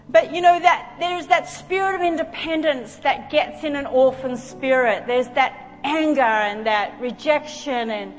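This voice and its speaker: A woman preacher delivering a sermon in a church, telling a personal story in an earnest, emotional way. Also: sits high. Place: church sanctuary. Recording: long hall reverb with faint music.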